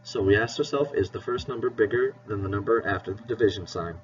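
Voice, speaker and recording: Soft music plays behind a man teaching children math in a playful, encouraging way, spelling words aloud. His pitch is fairly low and his delivery fast, captured on a distant mic in a dull lo-fi recording with faint hiss.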